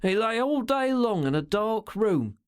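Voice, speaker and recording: A man voicing a sly, stealthy male secretary in a storybook, with slangy, sneering, drawn-out remarks. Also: sits high, sing-song, clean tone, voice pushed up. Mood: scornful.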